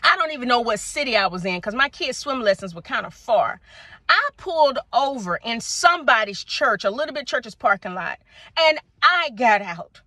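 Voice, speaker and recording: A middle-aged woman, telling her faith testimony to viewers in an animated, preacher-like way and calling them y'all. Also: on the high side, moderate pace, dry recording. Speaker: vlogger sharing a faith testimony. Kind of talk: casual testimony talk to viewers. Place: outdoors at sunset.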